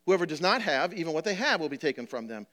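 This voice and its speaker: A man's voice: fairly high pitch, sing-song, pushed and bright. A man reading as a stern wealthy master. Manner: read aloud from scripture, brisk. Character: stern wealthy master judging his servants.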